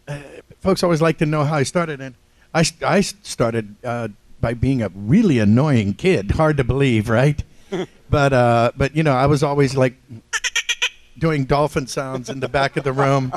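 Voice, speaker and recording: An older Ohio voice actor, a convention panel guest, tells casual stories with jokes, self-deprecation and frequent laughter. His mid-range voice moves a little slowly in a dry recording.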